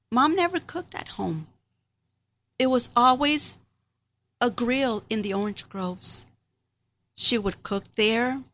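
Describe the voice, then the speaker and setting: A woman's voice: on the high side, vocal fry, a bit bright. A middle-aged woman giving an earnest, grieving personal testimony about her family.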